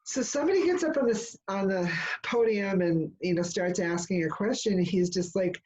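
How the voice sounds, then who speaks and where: A woman in casual spiritual chat, leading the discussion and telling stories in a rambling, animated way, full of fillers and restarts. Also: fairly low pitch, moderate pace, few pauses, dull audio. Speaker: discussion leader.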